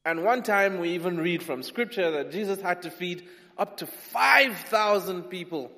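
A man from Nigeria, preaching a sermon with humour, swinging between loud and soft. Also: sits high, animated, normal speed. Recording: long hall reverb.

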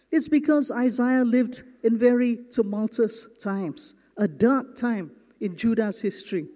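A man preaching a sermon as pastor, slow and earnest, leaning hard on key words in a church. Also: very high voice, dark tone. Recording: long reverb of a large hall.

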